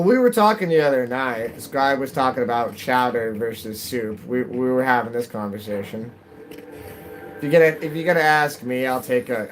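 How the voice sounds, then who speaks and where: A man's voice: medium pitch, slight background noise. Rambling, chatty man streaming a game. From New England. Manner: rambling, chatty, laughs often. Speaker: live streamer. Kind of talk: casual chat with viewers while gaming.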